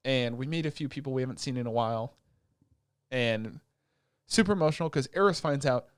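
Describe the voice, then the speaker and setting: A man's voice: mid-range voice, brisk, clean tone, dry recording, clean studio sound. A man co-hosting a podcast, casually recapping an anime with lots of swearing, acting out the characters' lines as he goes. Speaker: podcast co-host.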